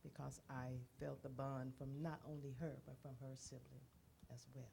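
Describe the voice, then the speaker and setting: A woman guest on a radio interview, speaking in a measured, earnest way. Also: extremely low pitch, level tone, creaky, warm tone, a little hiss or hum.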